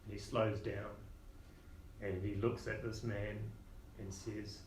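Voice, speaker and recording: A man's voice: fairly low pitch, flat delivery, slow, darkish tone, slight background noise. A man narrating a tabletop game as game master, in a loose, casual way. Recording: roomy echo.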